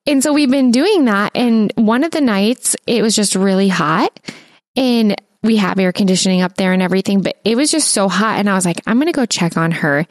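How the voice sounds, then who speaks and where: A woman in her thirties co-hosting a podcast, talking in a warm, encouraging and reassuring way in casual chat. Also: mid-range voice, brisk, dry recording, studio quality. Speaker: podcast co-host.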